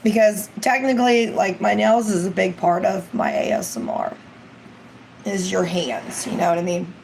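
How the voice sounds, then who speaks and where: Gravelly-voiced woman chatting casually. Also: mid-range voice, normal speed, darkish tone, a little hiss or hum, low-quality recording. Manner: rambling, chatty, acts out quotes. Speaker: ASMR vlogger. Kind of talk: casual live-stream chat.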